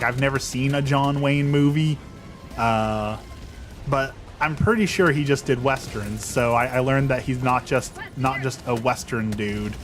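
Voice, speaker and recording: Young guy rambling self-deprecating over his game stream, some faint music behind. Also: mid-range voice. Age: young adult. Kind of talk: casual gameplay chat.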